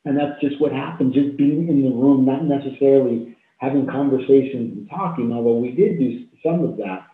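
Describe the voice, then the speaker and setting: A man in his fifties, a talk show guest telling a deeply personal story in an earnest, heartfelt way with repeated phrases, over a video call. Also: a little fast. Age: 50s. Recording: tinny phone-like echoey call audio.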